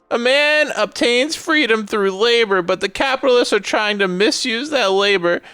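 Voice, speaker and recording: A man reading the lines of an earnest young male time traveler from a game, in a flat, dutiful way. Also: high-pitched, smooth, dry recording, heavily acted. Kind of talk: reading game dialogue aloud.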